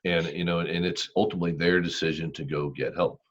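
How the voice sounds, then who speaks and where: Male host, low voice, affirming, kinda far from the mic, dull lo-fi call audio. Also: steady tone, fast. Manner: affirming, summarizing the guest's point. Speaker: podcast host and interviewer. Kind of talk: casual interview talk. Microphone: video call.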